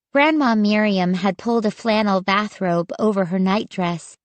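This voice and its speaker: A woman narrating a spooky children's audiobook in a measured, suspenseful reading. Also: mid-range voice, no echo. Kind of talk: scripted horror narration.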